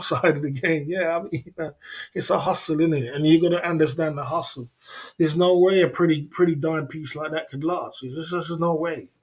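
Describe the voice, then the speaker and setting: A man talks casually to his livestream chat, his voice sitting a little high for a man. He drawls through slangy asides and laughs between his points. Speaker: livestream host.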